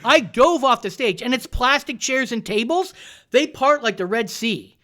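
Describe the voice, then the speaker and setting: A man's voice: extremely high pitch, animated, moderate pace, sharp tone. A man in his fifties, a guest comedian from Canada, telling a profane story in casual podcast chat and acting out the voices of the people in it.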